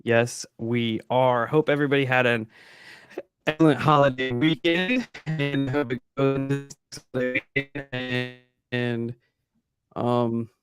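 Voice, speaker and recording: A man's voice: mid-range voice, fairly even intonation, slow, over music. A middle-aged man co-hosting a podcast over a choppy internet call, talking in a laid-back, slangy way. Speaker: podcast co-host. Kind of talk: casual chat. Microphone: boom-arm mic over a call.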